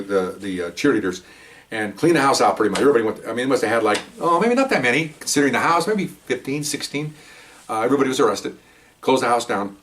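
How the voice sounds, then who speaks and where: A man's voice: medium pitch, distant mic. An older man, a retired police officer, telling rambling street stories in a casual way and acting out the other people's lines. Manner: rambling, animated, acts out quoted voices. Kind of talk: casual storytelling.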